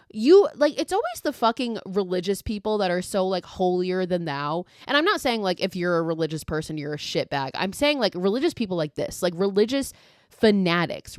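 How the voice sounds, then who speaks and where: A woman's voice: on the low side, no room sound, clean studio sound. A young woman hosting a podcast, casually recapping a film with lots of swearing and quoted lines. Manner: profane, animated retelling with quoted lines. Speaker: podcast host.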